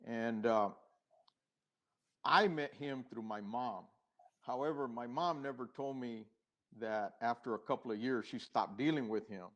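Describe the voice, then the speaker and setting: A man's voice: mid-range voice, muffled recording. Reflective middle-aged man telling his story. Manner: unhurried and reflective, with hesitations and restarts; acts out past dialogue. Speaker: podcast guest. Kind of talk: conversational storytelling.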